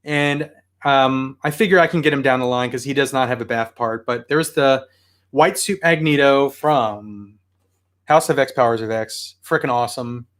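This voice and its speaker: A man casually showing off his new toy haul at home, chatty and excitable. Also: medium pitch, moderate pace. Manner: chatty, excitable, yells at his barking dog. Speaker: toy collector vlogger.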